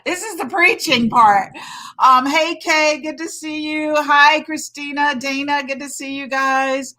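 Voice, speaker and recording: Middle-aged woman doctor, live-stream host; emphatic and passionate, a bit high and bright. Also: steady tone, unhurried, poor audio. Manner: emphatic, fired-up, says "friggin'" a lot. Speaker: hormone coach and doctor. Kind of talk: live-stream chat with viewers.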